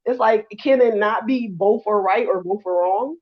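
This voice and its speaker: A woman in her thirties co-hosting a casual podcast chat. She laughs often and acts out quotes in a plain, middle-pitched voice. The sound is slightly dull and lo-fi. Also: moderate pace. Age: 30s. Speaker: podcast co-host.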